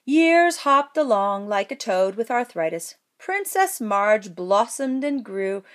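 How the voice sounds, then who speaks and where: A woman's voice: medium pitch, very animated, slow. A woman reading a comic fairy tale aloud, playful with jokey asides. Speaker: storyteller. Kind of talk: playful storybook read-aloud.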